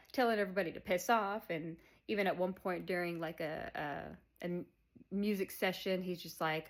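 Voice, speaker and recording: A woman casually recapping a film plot, chatty and full of fillers, laughing as she goes. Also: fairly low pitch. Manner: chatty, many "like" and "um" fillers, laughs while retelling. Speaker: podcast host recapping a film.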